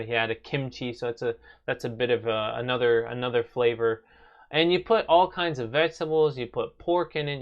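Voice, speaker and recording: A man's voice: medium pitch, fairly bright tone, lo-fi sound. A young man hosting a casual live stream from his apartment, chatting with viewers in a rambling way with many fillers.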